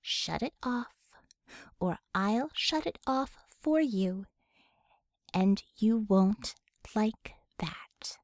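A woman reading aloud and voicing a stern, commanding woman leader who speaks slowly and deliberately, with quiet threat. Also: medium pitch, no room sound, studio quality.

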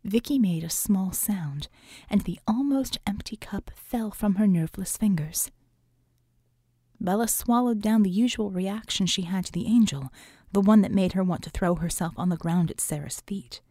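A woman narrating a novel with measured, often hushed storytelling. Her voice is mellow and breathy, recorded dry and close with no room sound. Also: medium pitch, no echo. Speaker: audiobook narrator. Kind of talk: scripted narration.

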